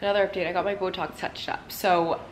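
A young woman chats to camera in a loose, rambling way, leaning on "like" again and again. Her voice sits a little low. The recording has a roomy echo and a faint hiss underneath. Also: little pitch movement, fast. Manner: chatty and rambling, heavy use of "like". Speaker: lifestyle vlogger. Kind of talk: casual chat to camera.

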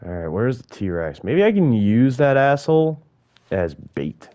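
A man giving live gameplay commentary, muttering and swearing to himself, with loud frustrated outbursts. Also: mid-range voice, very animated, a little slow, dull audio. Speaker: gaming video host.

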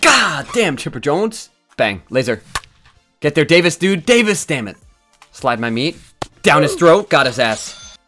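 A man giving excited live commentary on his own video game match, swinging from low muttering to loud yelling and swearing often. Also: measured pace, faint music behind. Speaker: gaming YouTuber.

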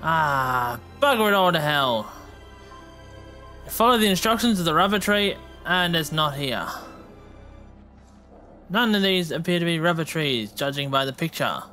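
A man giving let's play commentary, excitable and swearing freely, shouting at enemies. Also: on the high side, measured pace, pauses often, faint music behind. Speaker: gamer.

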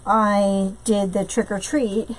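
A woman's voice: mid-range voice, little pitch movement, noisy background. A woman hosting a live craft tutorial from home, chatting with viewers and greeting them by name between steps, with lots of fillers. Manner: many fillers, slow drawn-out greetings. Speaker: craft live-stream host.

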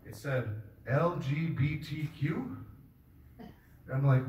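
A man doing a stand-up comedy set on a club stage, rambling in a deadpan way with many filler pauses. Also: on the high side, slight background noise. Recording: roomy, distant mic with faint ambience.

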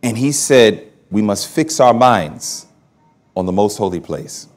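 A man's voice: lowish voice, animated, slow pace. A man pastor preaching a sermon, telling his own story with humor and laughing at himself. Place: church hall at a camp meeting.

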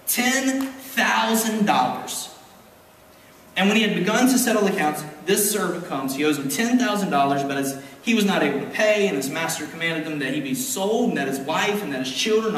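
A man's voice: fairly high pitch, a bit bright, a little hiss or hum. A male pastor preaching a sermon, emphatic and rising to fervent exhortation, recorded in a church sanctuary. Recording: echoey hall from far off.

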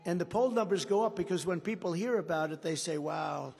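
A man giving a campaign rally speech in a large indoor venue. He rambles and repeats himself for emphasis, swinging from shouted lines to low asides. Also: fast. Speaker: political candidate. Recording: reverberant hall, faint background noise.

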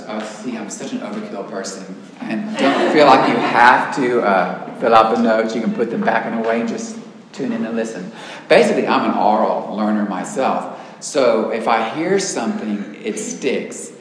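A man's voice: fairly low pitch, unhurried. A man with an East Texas accent teaching an adult church class, chatty and self-deprecating, with hesitant fillers. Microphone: distant room mic. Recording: echoey hall, voice far from mic, faint noise.

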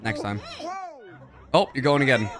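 A man's voice: mid-range voice, normal speed, crowd noise. A young man streaming, reacting to meme videos for his chat, laughing often and swearing casually.

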